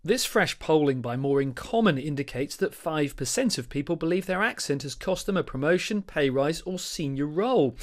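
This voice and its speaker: Male reporter narrating a news package. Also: on the high side. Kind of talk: scripted news report voice-over.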